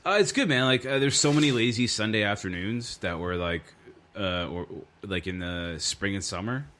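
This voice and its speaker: A man's voice: fairly low pitch, moderate pace, a bit bright. A man co-hosting a casual sports podcast, telling rambling stories and laughing mid-sentence. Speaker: podcast co-host. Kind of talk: casual chat.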